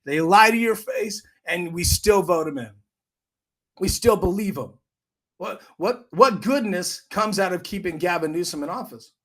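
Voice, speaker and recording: A man's voice: high-pitched, lively intonation, normal speed, fairly bright tone. A man hosting his own podcast, delivering heated, emphatic political commentary. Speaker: podcast host.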